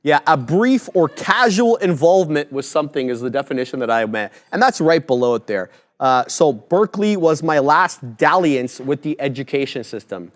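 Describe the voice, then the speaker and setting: A man hosting a live market stream, rattling off prices and chart levels with energy. He often catches and corrects himself, and his voice sits slightly high for a man. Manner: energetic, rapid ticker calls with self-corrections. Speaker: host of a live trading stream.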